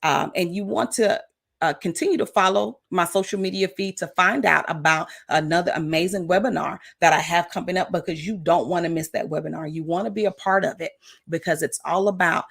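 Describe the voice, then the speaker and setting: A woman coach gives an encouraging motivational talk in a fairly low voice with a gravelly fry. She repeats her affirmations and fills the gaps with "uh" and "um". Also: brisk, a bit bright. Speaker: coach and show host.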